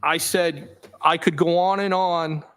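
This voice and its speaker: A man's voice: fairly high pitch, fairly even intonation, a bit bright, clear, resonant tone. Man reading texts aloud in court. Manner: measured reading aloud, reads punctuation such as "question mark" aloud. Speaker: witness in court.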